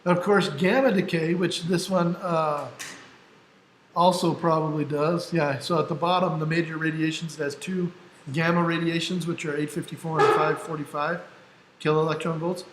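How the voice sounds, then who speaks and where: Guy teaching a class, kinda higher voice, talks it through step by step, asks right? a lot, echoey room w faint noise. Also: fairly even intonation, moderate pace. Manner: explains step by step, checks in with "right?"; casual, self-deprecating asides. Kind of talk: classroom lecture.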